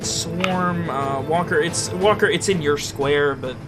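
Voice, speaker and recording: A man acting as game master, narrating the action with lots of ums and quick self-corrections. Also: on the high side, loud music behind the voice. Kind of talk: running a tabletop game.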